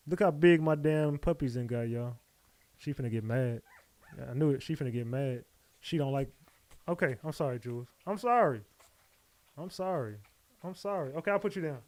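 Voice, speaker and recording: A man hosting a casual livestream, loose and chatty, giving repeated shout-outs to his viewers. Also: a little high, fairly quick. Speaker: livestream host.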